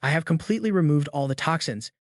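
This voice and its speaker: A man's voice: fairly high pitch, animated, fast, no room sound, clean studio sound, lightly acted. A man voicing a cold, arrogant young male swordsman, speaking in a blunt, icy, curt way.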